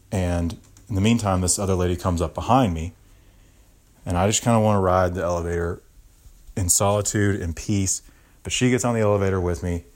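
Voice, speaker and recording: A man's voice: sits low, darkish tone. A young man hosting a podcast, ranting with exaggerated mock outrage and constant swearing. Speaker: podcast host. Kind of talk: comedic podcast rant.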